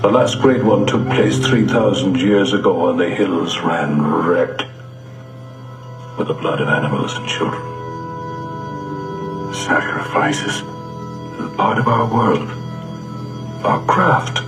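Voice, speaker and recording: An actor playing a calm, cold older villain, speaking slowly and quietly. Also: male voice, low-pitched. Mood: menacing. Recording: echoey film audio with music behind.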